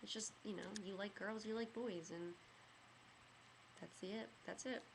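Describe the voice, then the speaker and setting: A woman's voice: mid-range voice, fairly even intonation, measured pace, gravelly, background noise. A young woman in a casual storytelling vlog, rambling with many fillers and getting emotional as she talks. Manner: rambling, heavy use of "like" and "you know"; emotional, gets choked up. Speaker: vlogger.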